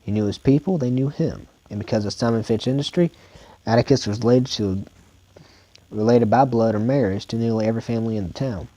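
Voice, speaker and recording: A man's voice: medium pitch, brisk, warm tone, dry recording. A man with a Southern US accent reading a novel aloud at home in a laid-back, informal way, sometimes stumbling and repeating words. His mouth is dry. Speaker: audiobook reader. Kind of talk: amateur audiobook reading.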